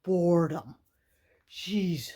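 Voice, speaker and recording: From a small wooden shack in snowy winter woods, this outdoor vlogger talks casually to her camera, rambling and using lots of fillers. She draws out her words in a fairly low, dark voice that's slightly rough.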